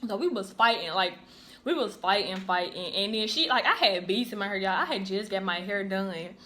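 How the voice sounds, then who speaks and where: A woman's voice: mid-range voice, moderate pace. A young woman telling a childhood story in a casual, chatty way to her channel, acting out the voices of the people in it. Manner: chatty, animated, acts out quoted voices. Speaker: YouTuber. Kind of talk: casual storytelling while eating.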